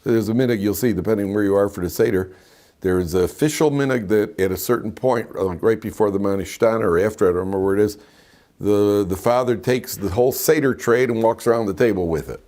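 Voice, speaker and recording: Older man teaching a relaxed class. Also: on the low side, fast. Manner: conversational and digressive, with frequent restarts and asides. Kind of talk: informal Torah lecture. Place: classroom with students.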